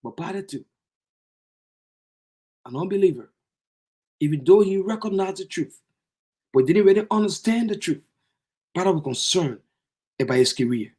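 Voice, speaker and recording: A man preaching an impassioned sermon, often bursting into shouts. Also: high-pitched, expressive, normal speed, long pauses, husky.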